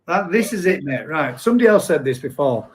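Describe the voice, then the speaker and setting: A man's voice: on the high side, big pitch swings, a little fast. Chatty man on a live stream. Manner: chatty, rambling, self-correcting. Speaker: host. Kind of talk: live-stream chat reading comments.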